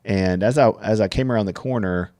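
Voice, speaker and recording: Deep-voiced man, earnest storyteller, halting restarts, dry close mic. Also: darkish tone, dry recording. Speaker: podcast guest telling his story. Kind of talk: personal storytelling monologue.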